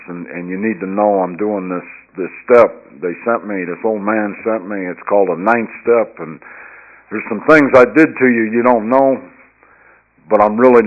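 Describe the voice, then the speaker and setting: A man giving a personal testimony talk at a recovery meeting, earnest and storytelling, dropping to a hush and then rising to emphatic, louder passages. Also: on the low side. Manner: earnest storytelling that swings between hushed and loud, emphatic passages. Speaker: speaker sharing his recovery story at a recovery meeting. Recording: dull lo-fi recording.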